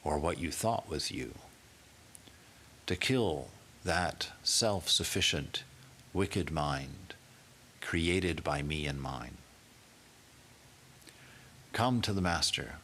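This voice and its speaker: A swami giving an emphatic sermon, building through rhetorical questions. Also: male voice, a bass voice, expressive, extremely slow, pauses often, a bit bright, a little hiss or hum.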